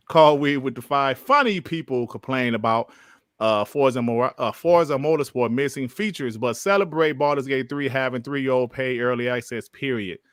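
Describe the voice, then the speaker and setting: A man hosts a relaxed gaming podcast and reads viewer messages aloud. He talks in a laid-back, slangy way, laughs often, and sounds dry and close to the mic. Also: mid-range voice, unhurried, dry recording. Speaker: podcast host. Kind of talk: casual chat, reading super chats.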